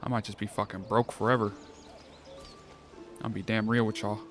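A man giving casual let's-play commentary, thinking aloud, swearing often and getting excited. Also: on the low side, moderate pace, long pauses. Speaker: gameplay streamer. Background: game music.

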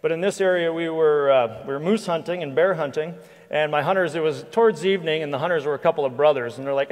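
A man, a hunting guide and guest speaker, telling a lively anecdotal story to a church audience, with frequent restarts. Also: a little high, fast. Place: church hall with live audience. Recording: long reverb of a large hall.

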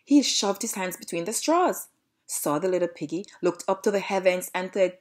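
A woman's voice: on the low side, moderate pace. A woman with a Jamaican accent reading a storybook aloud. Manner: lively read-aloud narration.

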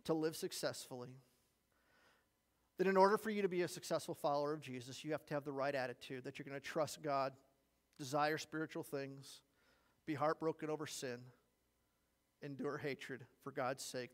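A man's voice: fairly high pitch, steady tone, moderate pace. A man preaching an earnest sermon as pastor, telling a story to his congregation. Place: church sanctuary. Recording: long reverb of a church hall.

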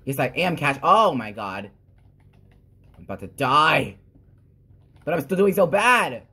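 A woman hosting gameplay commentary, excitable, with sudden squeals and exclamations. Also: low-pitched, a little slow, breathy edge. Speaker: gamer, channel host.

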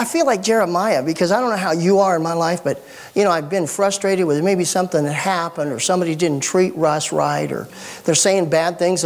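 A middle-aged man preaching a sermon as pastor, folksy and animated with joking asides. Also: on the high side.

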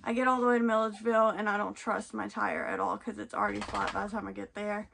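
A woman's voice: medium pitch, little pitch movement, fast, creaky, a bit bright. A tired young woman, chatting casually and rambling in a home vlog from her camper. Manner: chatty, rambling, says "y'all" and "freaking". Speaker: vlogger.

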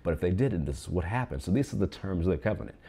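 Male pastor, low-pitched and husky, mid-sermon with call-and-response. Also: animated, fast talker, warm tone. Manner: preaching with call-and-response prompts to the online congregation.

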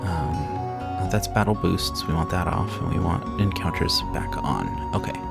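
A man casually commenting on a game he plays, explaining mechanics in a relaxed, self-correcting way into a sensitive desk mic. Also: low-pitched, measured pace, creaky. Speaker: let's play host. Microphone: sensitive desk microphone. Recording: game music under the voice.

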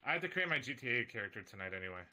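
A man joking around on a voice call, talking fast. His voice is sharp and very bright, and he swears casually. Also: medium pitch, very animated.

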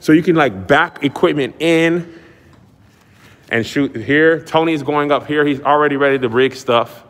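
A man's voice: fairly high pitch, measured pace. A man giving a casual walking tour of his new studio space, hyping it up like a showman, recorded on a camera mic as he walks through a large empty building. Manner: excitable, showman-like announcing.

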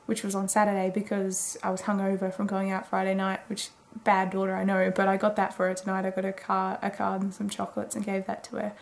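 A woman's voice: mid-range voice, completely flat delivery, fast talker, creaky, few pauses. A woman in her twenties rambling casually through a late-night video diary, chatty and full of fillers. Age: 20s. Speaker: daily vlogger.

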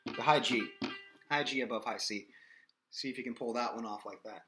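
A man's voice: medium pitch, normal speed, bright, forceful tone, soft background music. A man teaching a singing lesson in a casual, explanatory way, often checking in with "okay?". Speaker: vocal coach. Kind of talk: singing lesson with sung demonstrations.

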